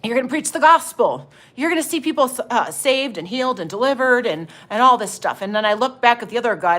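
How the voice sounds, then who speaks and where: A middle-aged woman minister telling a lively faith testimony and prophesying over listeners, calling them honey. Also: on the high side. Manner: animated storytelling, exclamatory, addresses listeners as honey.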